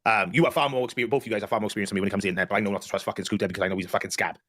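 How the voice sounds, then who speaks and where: A man joins a livestream chat, talking fast and swearing casually. His voice sits a little low, and the audio is dry. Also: steady tone, pushed and bright, dry recording. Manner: rapid, swearing.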